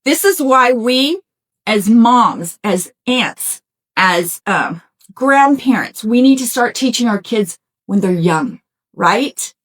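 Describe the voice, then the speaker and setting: Encouraging middle-aged woman, slightly high voice. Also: expressive, takes it slowly. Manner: encouraging and conversational, talks straight to listeners; folksy, with frequent "y'all" and "right?". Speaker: podcast host. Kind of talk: motivational self-help talk.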